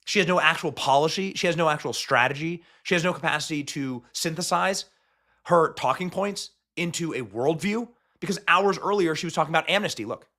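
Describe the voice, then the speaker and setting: A man in his thirties hosts a political commentary show. His voice is bright and forceful. He mocks as he talks, piling up sarcastic asides and restarting his sentences. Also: on the high side. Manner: mocking, sarcastic, rapid asides and repeated restarts. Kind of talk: fast opinionated political commentary.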